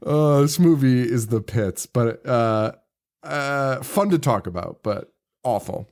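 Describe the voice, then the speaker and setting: Male co-host, casual movie-chat delivery, mid-pitched, rambling, laughs a lot. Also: lively intonation, a little slow, a little mellow. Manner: laughs often, rambling with fillers and restarts. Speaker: podcast co-host.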